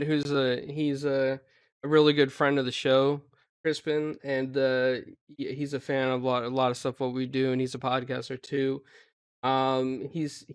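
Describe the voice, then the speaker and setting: Male podcast co-host; eager, halting, smooth tone, dry. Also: medium pitch, dry recording. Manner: eager, halting, filler-heavy. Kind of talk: casual podcast chat.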